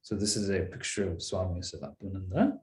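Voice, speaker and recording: A man's voice: deep voice, brisk, a little mellow, roomy sound. A man teaching a Sanskrit text in an online class, explaining step by step in a patient way.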